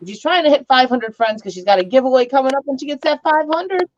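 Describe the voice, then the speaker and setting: A woman's voice: sits high, fast talker, crowd noise. A woman hosting a live stream, chatting casually and teasing her guests with frequent laughter. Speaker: livestream host. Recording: dull lo-fi stream audio.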